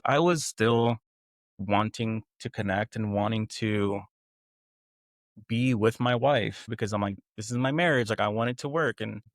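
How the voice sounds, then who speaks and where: A man's voice: mid-range voice, dry recording, studio quality. A young man candidly recounting a painful personal story as a guest, conversational and quoting others as he goes. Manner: conversational, quotes others in acted voices.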